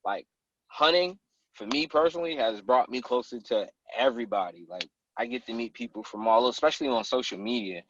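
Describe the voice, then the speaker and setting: A man as a podcast guest, chatting casually and telling animated stories about hunting. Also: mid-range voice, a little fast, highs cut off, slight background noise. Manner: animated, acts out people in his stories. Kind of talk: casual storytelling chat.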